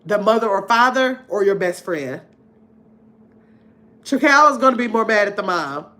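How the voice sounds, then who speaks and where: A middle-aged woman hosts a casual livestream game night, her mid-range voice sharp-toned with lively intonation at a moderate pace. She reads viewer comments aloud, chats, laughs often, and speaks straight to viewers.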